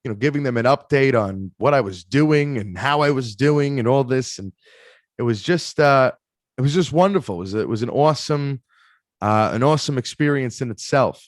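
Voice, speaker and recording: A man telling animated stories in a casual interview, acting out other people's voices, with frequent restarts. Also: mid-range voice, moderate pace, dry recording, clean studio sound. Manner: animated storyteller, acts out quoted voices, many restarts. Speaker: interview guest, performer.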